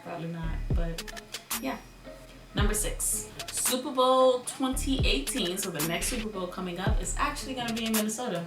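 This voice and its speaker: A woman's voice: mid-range voice, moderate pace. Young female vlogger from Miami, jokey, repeats words for emphasis; slightly distant mic with a roomy echo. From Miami, United States. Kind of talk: casual vlog talk to camera. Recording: roomy echo, a bit off mic, music behind.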